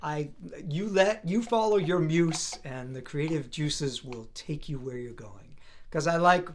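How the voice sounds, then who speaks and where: With a fairly high pitch and a measured pace, a man in his fifties from the US East Coast chats as a guest over a video call, with slight background noise. The voice actor comes across as relaxed, rambling and self-deprecating.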